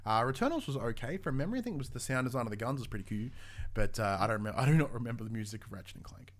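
A young adult man, co-hosting a casual gaming news podcast in an animated, swearing, restart-filled way. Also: medium pitch, racing. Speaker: podcast co-host.

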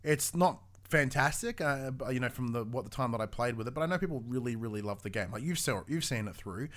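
A young adult man, co-hosting a casual gaming news podcast in an animated, swearing, restart-filled way. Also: medium pitch, fast talker. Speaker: podcast co-host.

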